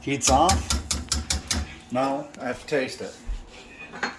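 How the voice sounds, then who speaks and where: A man's voice: mid-range voice, fairly even intonation, slow, heavy background noise. A middle-aged man cooking in his home kitchen for a casual vlog, talking in a brash, joking, boastful way. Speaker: home cook vlogger.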